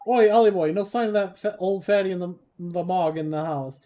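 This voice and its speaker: A man's voice: high voice, fairly even intonation, brisk, mellow, voice pushed up, lightly acted. A man doing a brash little fairy sidekick. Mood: blustery. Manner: blustery, scolding, slangy. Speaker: let's play streamer.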